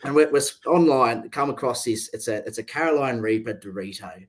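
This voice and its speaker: Young male guest, Australian accent with British tinge, relaxed and chuckly, video call. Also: mid-range voice, a little fast. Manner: laid-back, chuckling often. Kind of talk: casual interview chat.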